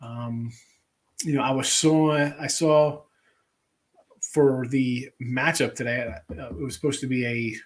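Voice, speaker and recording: Here a middle-aged sports betting host speaks slowly in a mid-range voice with fairly even intonation. It's casual live-stream chat, loose and rambling, as he thinks out loud with his viewers.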